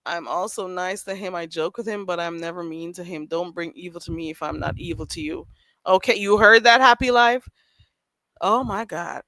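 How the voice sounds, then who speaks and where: A woman's voice: fairly low pitch, fairly even intonation, moderate pace, pushed and bright, no room sound, poor audio. A woman hosting a casual livestream, chatting and teasing viewers by name and laughing often. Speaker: livestream host. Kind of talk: casual chat reading live chat. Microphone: streaming mic.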